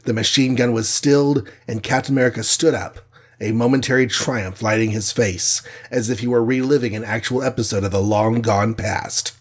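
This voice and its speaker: A man's voice: mid-range voice, steady tone, normal speed, slightly rough. A man narrating a superhero adventure aloud in a dramatic storytelling manner. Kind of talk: audiobook narration.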